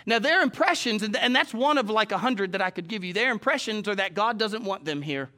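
A man preaches a sermon to his congregation in a church, with a bright, forceful voice. He talks animatedly and shifts from calm points into sudden loud, acted-out quotes. His voice sits a bit high for a man. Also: fairly quick. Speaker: pastor. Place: church sanctuary with a live congregation.

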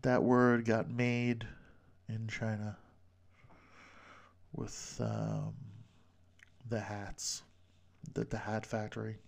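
Slow, rambling man on a solo podcast. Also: lowish voice, completely flat delivery, vocal fry, a little mellow. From New York. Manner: rambling, self-deprecating, profane jokes. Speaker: podcast host.

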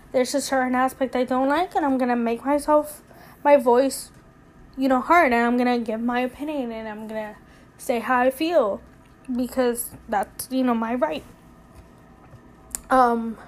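A woman's voice: high-pitched, a little mellow. A young woman hosting a casual solo podcast, rambling candidly with lots of fillers and getting emotional, close to tears. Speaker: podcast host.

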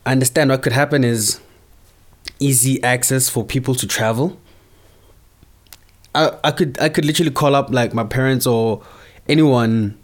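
Young male podcaster from South Africa; loose, slangy, animated monologue. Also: mid-range voice, normal speed, pauses often. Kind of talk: casual monologue.

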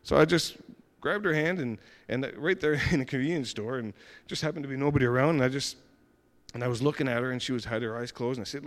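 A man giving a personal testimony, retelling events in a lively way with frequent restarts and acted-out dialogue. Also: mid-range voice, fast talker. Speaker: church member giving a testimony.

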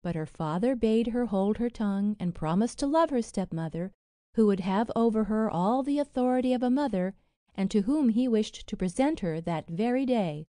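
A woman's voice: fairly high pitch, moderate pace, dry recording, studio quality. A woman narrating a fairy tale in storybook style, reading the spoken lines with feeling. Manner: expressive, reads quoted lines with feeling.

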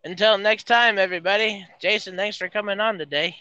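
A man's voice: high voice, fairly even intonation, brisk, bright, forceful tone, smooth, no room sound, lo-fi sound. A man who is the host of a casual show, laid-back, giving brief replies and laughing often. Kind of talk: casual chat.

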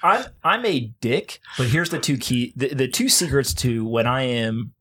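A man hosting a podcast speaks in an emphatic, conversational way. He runs ideas together in quick bursts, restarts mid-phrase and keeps checking in with his guest. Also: mid-range voice, animated, a bit bright, husky. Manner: fast bursts of talk with restarts. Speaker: podcast host. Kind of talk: casual conversation.

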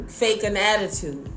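A woman in casual group chat, speaking frankly and candidly about her private life. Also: medium pitch. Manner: frank, candid, often laughing while confiding.

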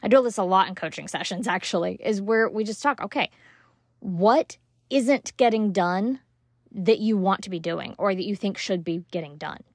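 A woman with a medium-pitched voice talks at normal speed on her solo parenting-coach podcast, recorded cleanly in a studio with no echo. She's animated, emphatic and casual, swears now and then, and acts out frazzled mothers to drive her points home.

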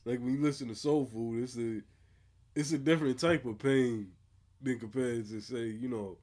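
A man co-hosting a podcast in relaxed casual chat, trading stories and agreeing often. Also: medium pitch, normal speed. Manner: laid-back, frequent "word" and "yeah" agreement. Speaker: podcast co-host.

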